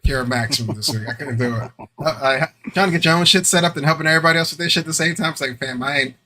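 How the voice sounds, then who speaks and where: A man co-hosting a podcast, telling animated stories full of slang and laughter in casual chat. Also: a little high, racing, a little hiss or hum. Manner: animated storyteller, acts out quotes with laughs; slangy, repeats "you know what I'm saying". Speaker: podcast co-host.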